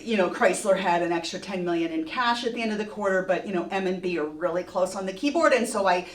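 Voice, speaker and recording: A woman telling a true story on stage, lively and self-mocking, often laughing. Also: mid-range voice, fast talker. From Texas. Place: museum event space before an audience. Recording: echoey room, voice from far off.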